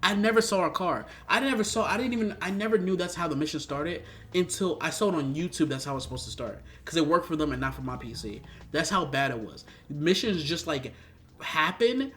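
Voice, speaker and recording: Animated, slightly high-voiced man ranting. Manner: frustrated, animated ranting with fillers and restarts. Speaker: game reviewer. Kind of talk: casual spoken game review.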